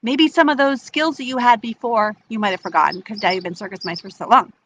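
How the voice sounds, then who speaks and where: A woman voicing a kind, naive lady who trains circus mice, talking in an excited, gushing way. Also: fast, a little hiss or hum, lightly acted, low-quality recording. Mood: concerned. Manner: excited, gushing, high-pitched.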